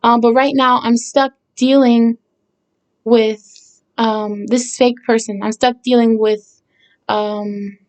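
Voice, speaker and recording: A woman's voice: on the high side, level tone, slow pace. A woman songwriter talking casually about her own song, hesitant and searching for words with many fillers and restarts, earnest and reflective. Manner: reflective and earnest, with short laughs.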